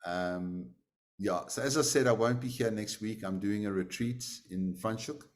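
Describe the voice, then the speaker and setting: A man's voice: lowish voice, moderate pace. A man teaching a class, telling a story in a conversational way with many fillers. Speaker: meditation teacher. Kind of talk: storytelling in a lesson.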